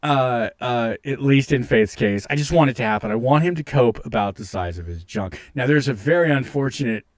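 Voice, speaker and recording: A man in casual commentary, animated and exasperated, swearing freely. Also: medium pitch, brisk, few pauses, dry recording, clean studio sound.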